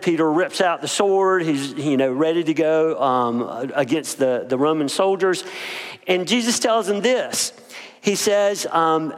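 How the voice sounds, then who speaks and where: A man's voice: high voice, long reverb tail. A male pastor preaching a conversational sermon, with fillers and casual asides between scripture readings.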